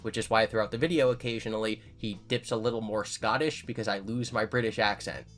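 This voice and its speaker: A man's voice: lowish voice, steady tone, fast talker, a bit bright. A man giving casual commentary as a YouTuber, answering viewer comments in a candid, self-correcting way. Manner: candid, self-correcting, talks things through.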